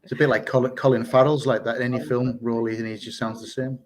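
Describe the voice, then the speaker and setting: A man's voice: mid-range voice, little pitch movement, quick pace, a crowd in the background. A man co-hosting a casual live-stream chat, easygoing, laughing often and giving short agreeing replies. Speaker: co-host.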